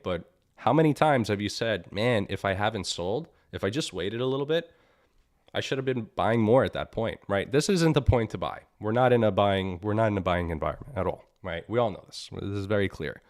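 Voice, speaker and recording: A man hosting a live market analysis stream. He sounds annoyed, talks bluntly, repeats himself and keeps asking "right?". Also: lowish voice. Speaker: trading stream host.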